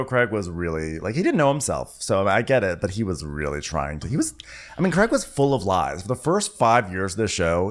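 A man casually giving his opinions on a show, chatty and opinionated. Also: on the low side. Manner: chatty, opinionated, drawn-out asides. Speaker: podcast co-host. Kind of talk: casual comedic chat.

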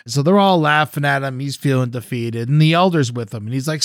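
A podcast co-host with a medium-pitched voice talks fast and barely pauses as he casually retells a movie plot, rambling, swearing, and acting out quotes. The recording is dry and studio quality.

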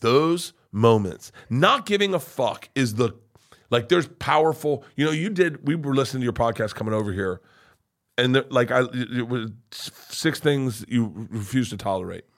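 A man's voice: mid-range voice, normal speed. A middle-aged man, a comedian, telling a rambling comic story as a podcast guest, swearing freely and acting out the voices of the people in it. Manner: animated, swears freely, acts out quoted voices.

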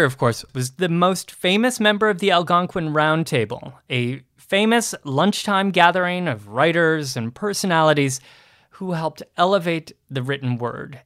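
A man's voice: on the high side, a bit bright, no room sound, studio quality. A man co-hosting a history podcast, chatting eagerly and bantering with his partner. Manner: upbeat, eager, friendly banter. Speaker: podcast co-host. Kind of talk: casual podcast chat.

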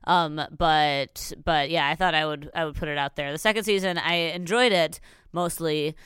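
Woman podcast co-host, very smooth clear voice, dry close mic, wry and giggly. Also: deep voice, fairly even intonation, moderate pace, a bit bright, no room sound. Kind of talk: casual gossip chat.

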